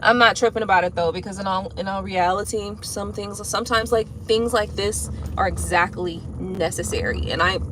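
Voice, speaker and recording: A woman chatting casually and venting in a car, profane and animated, with frequent laughs. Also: medium pitch, moderate pace, hardly any pauses, background noise. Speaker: tarot reader vlogger. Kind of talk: casual venting chat while driving.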